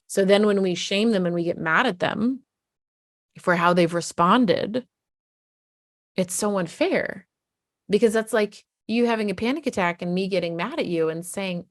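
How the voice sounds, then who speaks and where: A woman's voice: medium pitch, normal speed, dry recording. Dry-voiced woman coaching parents. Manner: earnest, conversational, often acts out quoted voices. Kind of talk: explanatory talk to camera.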